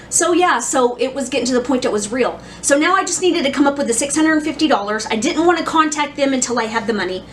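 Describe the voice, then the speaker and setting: Chatty woman vlogger, slightly high voice. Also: a bit bright, distant mic, a little hiss or hum. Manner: chatty, rambling, with many restarts and ums. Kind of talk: casual personal storytelling vlog.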